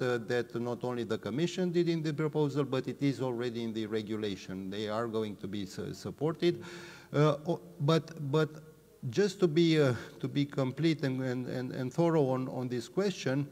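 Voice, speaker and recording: A man's voice: medium pitch, moderate pace, a little mellow. A man answering questions as a policy expert on a panel, hesitant with many fillers and restarts. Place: large hall or hangar. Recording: long hall reverb.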